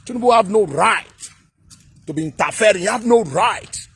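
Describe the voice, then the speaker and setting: A man with a Nigerian accent, from Edo State, delivering a heated political rant to camera, shouting at times and repeating himself for emphasis. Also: high-pitched, expressive, moderate pace, slightly rough. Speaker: political commentator.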